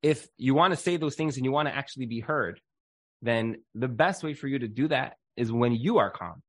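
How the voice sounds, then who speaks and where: A man's voice: medium pitch, a little fast, no echo. A man talking as a marriage counselor in a casual podcast chat, animatedly acting out what spouses say. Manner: animated, acts out quoted spouses.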